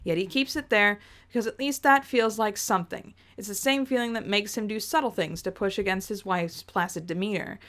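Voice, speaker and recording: A woman reading a story aloud and reacting to it in a chatty, expressive way. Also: mid-range voice. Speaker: reader reacting to fan fiction.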